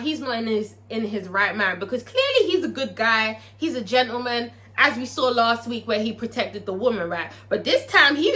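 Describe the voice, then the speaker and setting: A woman recapping a TV episode in a casual vlog, profane and excitable, tagging her lines with "okay?". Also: sits high. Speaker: TV show reviewer.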